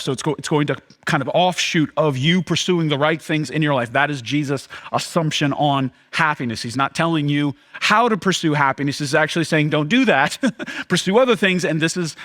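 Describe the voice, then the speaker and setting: A man's voice: on the high side, fairly bright tone. A young adult man, a pastor, preaching a sermon in a church, often acting out the crowd's reactions in a raised voice.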